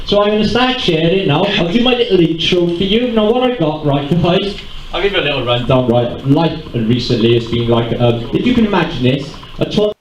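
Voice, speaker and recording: High, lively-voiced man speaking in a roomy hall. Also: a little fast, slight background noise. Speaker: convention speaker. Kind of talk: live talk to an audience. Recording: roomy hall with faint ambience.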